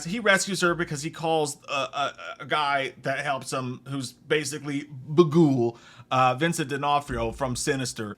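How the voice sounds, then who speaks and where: A young man hosting a comedic movie review, ranting with heavy swearing and mocking impressions of the characters. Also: on the high side. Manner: profane, animated, mocking impressions.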